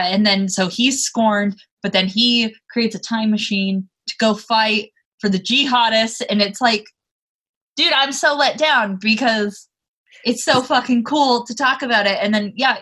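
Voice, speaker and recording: Young woman, podcast co-host, casual profane chat, fairly high, husky. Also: a little slow. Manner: profane, animated, laughs often.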